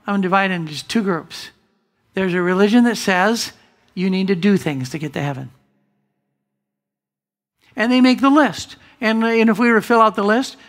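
Emphatic male pastor preaching. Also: high-pitched. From United States. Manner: emphatic preaching with big swings from loud to hushed. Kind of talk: sermon. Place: church sanctuary.

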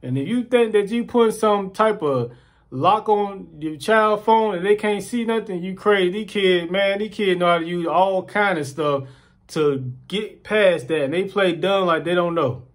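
A man's voice: sits high, measured pace. A man ranting casually to the camera, acting out quoted voices and repeating himself as he tells stories. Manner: animated storytelling, acts out quoted voices, repeats words. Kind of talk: casual rant.

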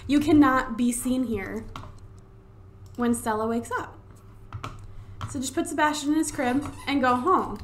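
Playing a life-sim game at home, an excitable young let's play gamer keeps up casual commentary, dropping swear words freely. Her voice sits slightly high; she uses a desktop USB mic, and light keyboard clicks plus a little hiss or hum can be heard.

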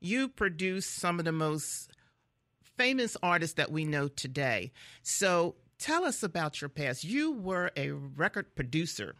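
A woman's voice: deep voice, sing-song, unhurried, a bit bright, dry recording. A woman from the Philadelphia area hosting a casual radio interview, chatty and laughing often. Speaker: radio host.

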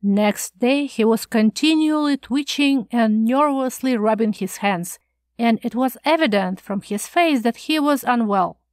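A woman reads a classic short story aloud in a calm, measured narrating voice. She speaks very slowly in a fairly high register. The sound is dry and close, with no room echo. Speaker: audiobook narrator.

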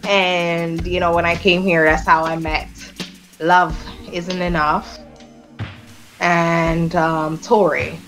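A woman's voice: fairly low pitch, level tone, slow pace, fairly bright tone, faint music behind. A woman from Jamaica with a Jamaican accent, chatting as a podcast guest in a frank, profane, storytelling way. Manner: frank, profane storytelling with laughs and trailing fillers. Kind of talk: casual candid podcast chat.

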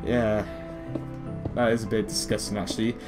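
Over music, a late-teen gaming host from Britain rambles through his gameplay commentary with a self-mocking edge. He has a lowish voice, a level tone, and a moderate pace.

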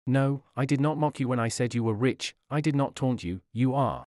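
A man's voice: medium pitch, normal speed, a little mellow, dry recording, studio quality. A man delivering an old-fashioned sermon in an earnest, rhetorical preaching manner. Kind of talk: sermon reading.

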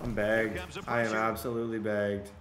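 A young man giving excitable commentary while playing a football video game, often bursting into loud shouts over big plays. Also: lowish voice, moderate pace. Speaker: gaming YouTuber. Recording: echoey room with game music behind.

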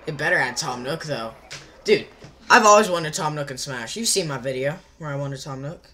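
A young woman hosting a gaming channel, reacting live to a game presentation, swinging between hushed muttering and shrieking outbursts. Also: low-pitched, animated, normal speed, a little hiss or hum.

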